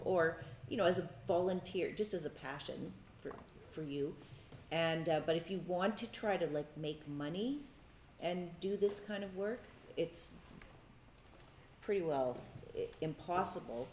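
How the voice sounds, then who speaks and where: A woman speaking on a workshop panel, thoughtful and halting, with fillers. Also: low-pitched, darkish tone. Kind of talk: casual panel talk. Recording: echoey room with faint noise.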